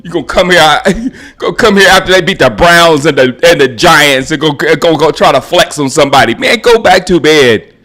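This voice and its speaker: A man with a higher, bright and forceful voice rants casually about football on his own live stream. He mocks his chat, laughs often and stumbles over restarts, with faint music playing behind him. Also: moderate pace. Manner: animated, laughing, mocking, with frequent restarts. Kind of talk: casual sports rant.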